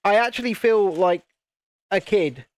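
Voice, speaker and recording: Chatting casually as he builds on a live stream, a UK-based YouTube host in his late thirties rambles and interrupts himself. He speaks British English in a voice that sits high and moves unhurriedly.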